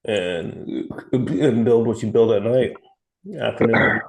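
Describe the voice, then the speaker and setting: A man's voice: on the low side, slow, creaky, low-quality recording. A man co-hosting a podcast in casual chat, blunt and emphatic, swearing freely. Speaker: podcast co-host.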